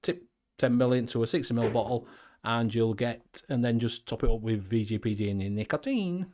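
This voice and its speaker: A man's voice: mid-range voice, moderate pace, darkish tone. A man hosting a casual live-stream chat, jokey and laid-back. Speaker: host.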